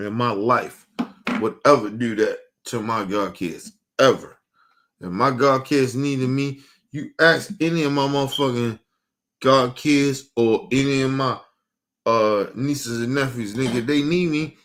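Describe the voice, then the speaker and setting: On his casual stream, the host rants angrily and with plenty of swearing, repeating himself as he shifts from loud blasts to muttering under his breath.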